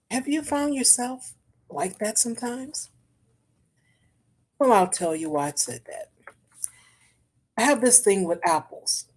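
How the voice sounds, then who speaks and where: A woman hosts a casual chat show, speaking African American English in a chatty, animated style marked by sudden jumps in pitch.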